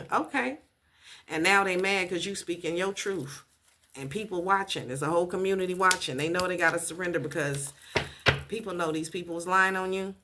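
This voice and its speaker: A woman's voice: on the low side, moderate pace, noisy background. A woman giving a casual tarot reading, blunt and profane, repeating her points for emphasis. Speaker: tarot reader.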